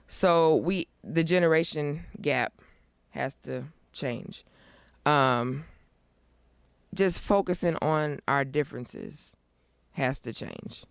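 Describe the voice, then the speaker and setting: A woman's voice: sits low, dry recording. A middle-aged woman talking as a guest in a casual interview, upbeat and emphatic as she talks. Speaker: guest, nonprofit founder.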